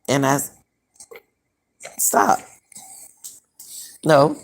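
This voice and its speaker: A woman's voice: low voice, takes it slowly, gravelly. A middle-aged woman hosting a casual live-stream, talking to viewers as "y'all" and questioning what she reads. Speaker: commentary channel host.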